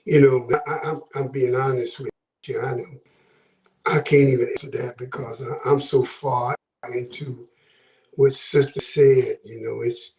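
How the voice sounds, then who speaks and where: A man's voice: medium pitch, fairly even intonation, unhurried, gravelly, a little mellow, roomy sound, distant mic. A man from Buffalo, New York, calling in to a talk show with fervent, preacher-like commentary, often raising his voice. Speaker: caller. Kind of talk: impassioned call-in commentary.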